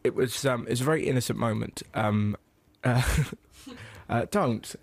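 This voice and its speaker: A young man hosting radio banter, telling an animated anecdote with laughs and quick impressions. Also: mid-range voice, creaky, no room sound. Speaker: radio host. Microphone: studio mic.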